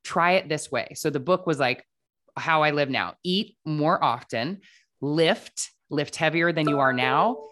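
Her voice is low-pitched and a bit bright, paced in a measured way. As a guest on a podcast, she casually shares her own story, peppering it with "like" and performing the dialogue she quotes.

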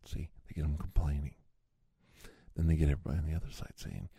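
A man's voice: a bass voice, steady tone, quick pace, vocal fry, long pauses, mellow, husky, dry recording. A man in a rambling conspiracy-style comic monologue who keeps saying "see?" and drops into sudden whispers.

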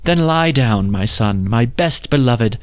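A man's voice: mid-range voice, animated, measured pace, lightly acted. A man reading a storybook, voicing a devoted mother goddess who speaks tenderly and soothingly to her son.

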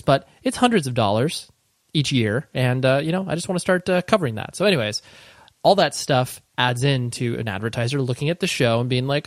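A man's voice: medium pitch, no echo, clean studio sound. A man hosting a casual podcast, talking loosely with lots of fillers and sarcastic asides. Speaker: podcast host.

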